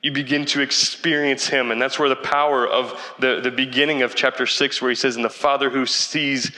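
A man preaching in an earnest, conversational way, with casual slang mixed in. His voice is bright and forceful, and his pitch stays fairly flat. The sound carries a long reverb, as in a big hall. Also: a little fast. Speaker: pastor. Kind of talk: sermon.

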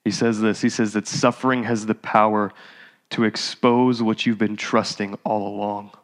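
A man's voice: lowish voice, flat delivery, normal speed. Man preaching in a reverberant church hall. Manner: conversational preaching, rising to exhortation. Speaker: pastor. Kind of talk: sermon.

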